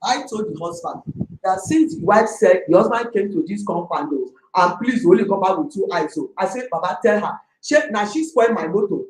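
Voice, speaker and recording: A middle-aged woman with a Nigerian accent, a landlady complaining about a tenant in an emphatic, excitable way. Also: medium pitch, brisk. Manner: emphatic, excitable, talks forcefully. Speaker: landlady in a dispute. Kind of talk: heated complaint. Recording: echoey room.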